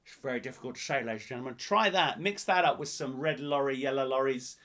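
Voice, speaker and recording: A man's voice: medium pitch, quick pace, a bit bright. A man from England hosting a live-streamed pub quiz, reading out answers and teasing players in a jokey, playful way.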